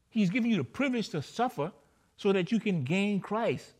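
A man's voice: sits high, animated, moderate pace. A man preaching a sermon, repeating phrases and checking in with his listeners. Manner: emphatic, repeats phrases and asks the listeners "right?".

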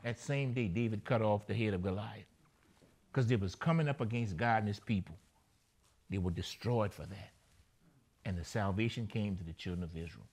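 A man's voice: lowish voice, moderate pace, darkish tone, slightly rough. A man preaching a sermon, repeating phrases and checking in with his listeners. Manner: emphatic, repeats phrases and asks the listeners "right?".

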